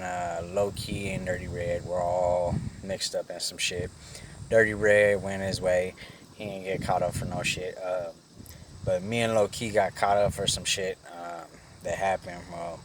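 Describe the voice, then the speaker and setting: A middle-aged man with a fairly low voice tells a long story from his own life. He rambles and restarts often, with loose, profane street slang. A faint hiss of noise sits under his voice. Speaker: vlogger. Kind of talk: casual storytelling.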